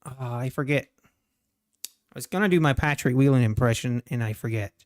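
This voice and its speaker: A man's voice: medium pitch, normal speed. A man streaming his trading live, talking to the chart and chatting with viewers between laughs.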